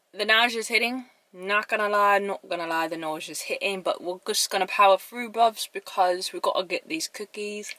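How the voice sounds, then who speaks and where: A young woman vlogging from her car in a chatty, animated way, with dramatic reactions. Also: mid-range voice, no echo. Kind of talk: casual chat. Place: inside her parked car. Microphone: camera.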